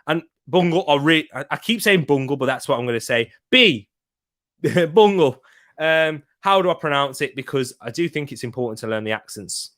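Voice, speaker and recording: A man hosting a football watch-along live stream, chatting casually, reading out viewers' messages and shouting excitedly when a goal goes in. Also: a little high, moderate pace. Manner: chatty, reads chat aloud, bursts into shouting at goals.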